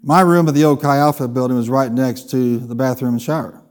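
A man preaching a sermon, telling a funny personal story with lively, animated delivery. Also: medium pitch, fairly quick. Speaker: pastor.

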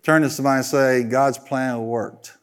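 A man's voice: mid-range voice, fairly even intonation, normal speed. A man preaching a sermon as pastor, driving his points with repeated phrases and leading the congregation in call-and-response.

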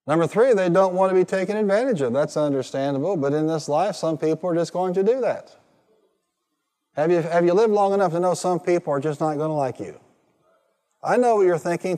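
A man's voice: a little high, lively intonation, normal speed, dark tone. A male pastor preaching a sermon and calling for responses from the congregation, rising to emphatic peaks. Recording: reverberant hall.

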